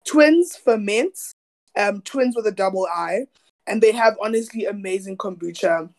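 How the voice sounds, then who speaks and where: This South African woman co-hosts a podcast, speaking at medium pitch and a moderate pace. Her chat is casual and friendly, full of laughter and slang.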